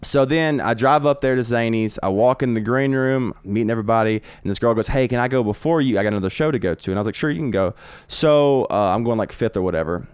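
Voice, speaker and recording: A man with a smooth, mid-range voice, recorded with no echo, guests as a comedian on a casual podcast in a home podcast room. He tells rapid, rambling anecdotes with lots of swearing.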